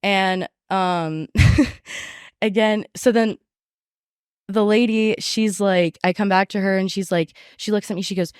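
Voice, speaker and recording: A young woman casually telling a story from her restaurant job, animated and profane, with lots of fillers. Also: mid-range voice, takes it slowly, clear, resonant tone, dry recording, clean studio sound. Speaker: podcast guest.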